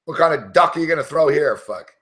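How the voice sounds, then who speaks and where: A man's voice: a little high, fast talker, a bit bright. A man, a sports betting analyst, giving frustrated, profane live reactions to a football game.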